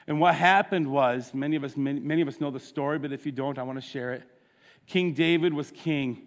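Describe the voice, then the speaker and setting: A man's voice: fairly high pitch, brisk, in a large hall. A man preaching a sermon, retelling a story casually with asides to his listeners. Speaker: pastor.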